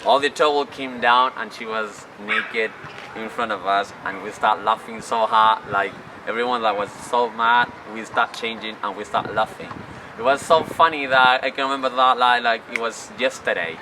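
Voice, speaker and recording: A man's voice: medium pitch, normal speed. Chatty man telling stories outdoors. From Chile. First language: Spanish. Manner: chatty, rambling, non-native phrasing. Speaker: job applicant, tourist guide. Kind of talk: casual storytelling to camera. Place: outdoors in a city. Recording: distant mic, loud street noise.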